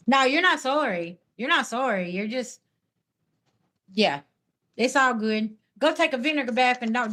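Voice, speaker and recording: A woman talks casually on a live stream. As a spiritual reader, she answers viewer comments head-on in a sassy, blunt manner. Her voice sits a little on the high side. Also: fairly bright tone.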